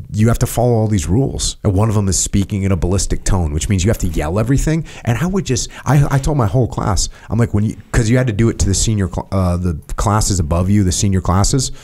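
Low-voiced man telling animated stories. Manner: animated, acts out quotes loudly. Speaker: podcast guest. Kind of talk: casual storytelling chat.

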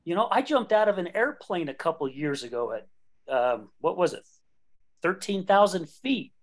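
A man's voice: high voice, very animated, normal speed. A man in his late fifties hosting a podcast, talking candidly and joking, laughing often. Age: late 50s. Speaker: podcast host. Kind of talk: casual conversation.

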